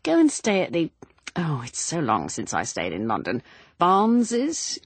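A woman voicing a guarded, protective grown son who talks in a firm, measured way. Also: deep voice, huge pitch swings, husky, no echo, heavily acted.

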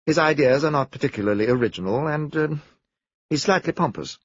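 A composed young woman with a crisp, matter-of-fact delivery, put on by a male reader in a raised voice. Her tone is guarded and clipped, with a husky edge. The recording sounds dry and a little dull. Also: on the high side, lively intonation, fairly quick, no room sound, voice pushed up. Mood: cool.

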